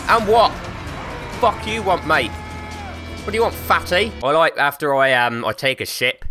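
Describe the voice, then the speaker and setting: Young male gamer, excitable and foul-mouthed, barking orders to his crew over loud game music. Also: medium pitch. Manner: rowdy, swearing, shouting pirate orders at his crew. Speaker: gameplay commentator. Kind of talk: excited gameplay commentary.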